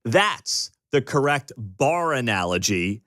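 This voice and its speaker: A man's voice: medium pitch, slow pace, no room sound. An American man hosting a talk radio show, delivering an emphatic, opinionated monologue. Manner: animated, emphatic, storytelling with acted-out quotes. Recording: dry studio mic.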